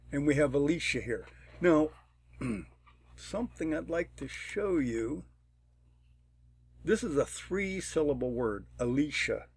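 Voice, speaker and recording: A man talking through a programming tutorial step by step, unhurried and thinking aloud, often clearing his throat. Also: on the high side, darkish tone, dry recording. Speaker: tutorial presenter. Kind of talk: screen-recorded programming tutorial.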